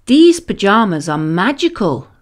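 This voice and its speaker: A woman voicing a gentle father coaxing his little boy to sleep. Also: mid-range voice, very animated, measured pace. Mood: soothing. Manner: coaxing, soothing.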